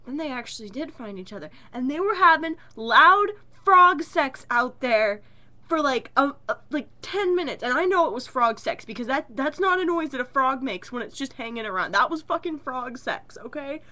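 Woman, high voice, bright tone, animated and exasperated, swears freely, casual vlog rant. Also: brisk, hardly any pauses. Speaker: vlogger. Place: own bedroom.

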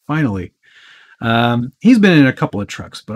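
A man's voice: a little high, very animated, moderate pace. A man hosting a live-stream Q&A, chatting casually and answering viewer questions as they come in.

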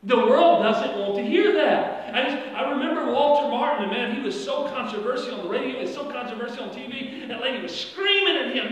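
Male pastor, high and very lively pitch, sermon delivery with sudden loud emphatic stretches, roomy far-off church sound. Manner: preaching with strong swings from quiet to loud, drawn-out emphatic phrases. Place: church sanctuary. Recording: echoey church hall from far off.

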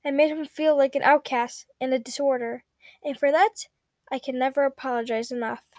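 A woman's voice: high voice, fairly even intonation, normal speed, dry recording, clean studio sound, close to an everyday voice. A woman reading the lines of a cold, logical young man in a formal, restrained manner. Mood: formal, weary.

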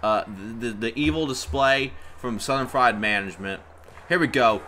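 A man giving an indignant live reaction to a match, stammering through restarts and bursting into shouts. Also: mid-range voice, moderate pace, faint music behind. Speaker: vlogger reacting to a wrestling match. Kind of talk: heated live reaction commentary.

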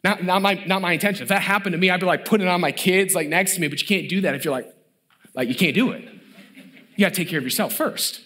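A fast-talking pastor in his thirties preaches a sermon, his emphatic delivery building steadily and dipping to a low hush on key words.

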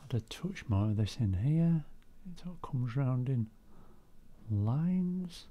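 A man's voice: medium pitch, expressive, measured pace, mellow, highs cut off. A man, chatty and self-deprecating, talking viewers through a painting demonstration as he works. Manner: chatty, self-deprecating, thinks aloud while working. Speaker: art teacher.

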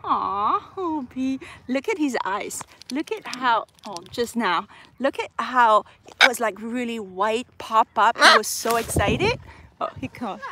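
A young woman, a parrot trainer, chatting casually on a phone live stream outdoors, cooing at her bird and exclaiming excitedly. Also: on the high side, measured pace, slight background noise. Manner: animated, cooing baby talk to her bird; frequent laughter, excited exclamations. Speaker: parrot trainer, channel host. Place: outdoors in open country.

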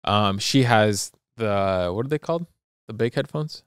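A young man co-hosting a podcast, telling a story in a loose, rambling, animated way. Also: on the low side, measured pace, clear, resonant tone, no echo, clean studio sound. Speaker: podcast co-host. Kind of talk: casual chat.

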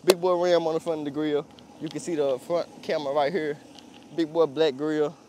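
Against a noisy background, a young man with a high-leaning, steady voice walks viewers around a pickup truck outdoors at a moderate pace. This car vlogger rambles in slang and laughs a lot.

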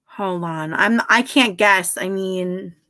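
A woman's voice: mid-range voice, slow pace, pushed and bright. A woman chatting casually on a live stream, answering her chat bluntly and swearing freely. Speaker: livestreamer reading chat.

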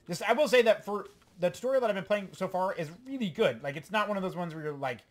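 A man hosting a let's play, giving excitable, rambling gameplay commentary and talking to himself. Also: high-pitched, quick pace.

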